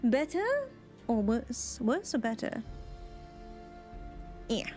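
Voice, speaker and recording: Chatty excitable woman streamer. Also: fairly high pitch, takes it slowly, soft background music. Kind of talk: reading a game aloud and reacting.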